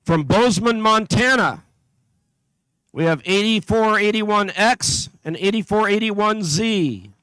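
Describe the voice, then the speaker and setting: A man's voice: sits high, slow pace, sharp tone, smooth, no echo, rough recording. A man announcing competing teams at an event, reading a list steadily with small slips and asides. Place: event venue.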